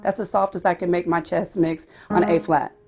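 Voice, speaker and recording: A woman's voice: lowish voice, fairly even intonation, moderate pace, creaky, over music. Woman teaching singing, demonstrating voices. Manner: explanatory, demonstrates voices as she talks. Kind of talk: teaching a vocal pedagogy workshop.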